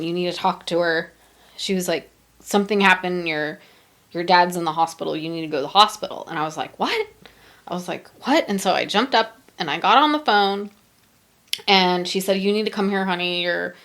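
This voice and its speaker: A middle-aged woman hosts a podcast and tells a personal story. Her voice sits low, with a gravelly edge. She talks haltingly and emotionally, with many pauses and fillers. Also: a bit bright. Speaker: podcast host.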